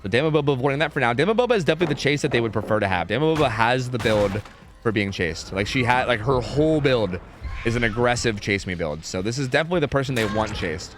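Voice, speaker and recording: Speaking quickly and with plenty of animation, this young man has a medium-pitched voice as he commentates a game match live on stream. His casual play-by-play is chatty and full of fillers, and he reads chat messages out loud along the way. Faint music plays behind him.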